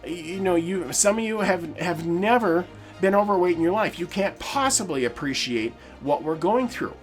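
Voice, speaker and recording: Man, forties, podcast host; earnest and emphatic personal talk, slightly high voice. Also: expressive, moderate pace, soft background music. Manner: earnest, emphatic, with frequent restarts. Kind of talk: personal monologue.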